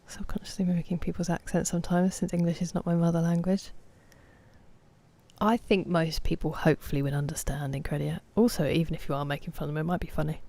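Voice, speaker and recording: A woman's voice: lowish voice, flat delivery, quick pace, dark tone. A woman in her thirties chatting casually while streaming a game, rambling off on tangents and laughing as she talks to her viewers. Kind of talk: casual chat while gaming.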